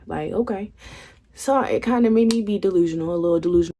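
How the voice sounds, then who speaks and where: A woman's voice: fairly low pitch, quick pace, warm tone. A young woman vlogger telling a candid storytime, swearing freely and acting out what her friends said. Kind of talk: casual storytime.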